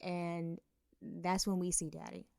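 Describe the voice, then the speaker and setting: A woman co-hosting a podcast speaks slowly in a lowish voice with vocal fry, recorded dry and clean in the studio. In casual chat she tells frank, profane stories, acting out the people in them with animated voices.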